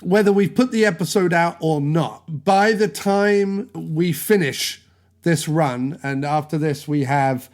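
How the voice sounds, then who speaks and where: A man's voice: fairly high pitch, takes it slowly, darkish tone. A man hosting a podcast in a casual chat, playful and jokey, rambling from one tangent to the next while he talks into a podcast mic. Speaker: podcast host.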